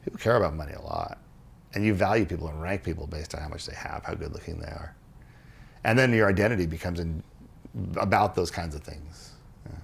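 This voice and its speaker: Guy with a husky low voice chatting on a podcast, earnest, tells stories w little voices for people. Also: a little fast. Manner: earnest, animated storytelling with restarts and quoted dialogue. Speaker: podcast co-host explaining religious history. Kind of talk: casual conversational explanation.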